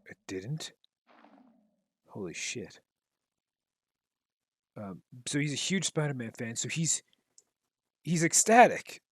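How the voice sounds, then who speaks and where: A man's voice: medium pitch, big pitch swings, slow pace, pauses often, husky, dry recording. A man recapping a film in loose, rambling chat, full of fillers and the odd swear, while he plays a game. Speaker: gaming commentator. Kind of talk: casual commentary while playing.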